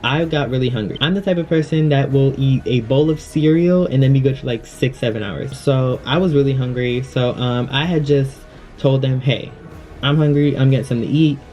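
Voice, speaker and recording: A man's voice: medium pitch, fairly quick, faint music behind. Chatty young man telling a storytime. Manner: chatty, filler-heavy, animated retelling. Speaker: vlogger. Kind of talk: casual storytime.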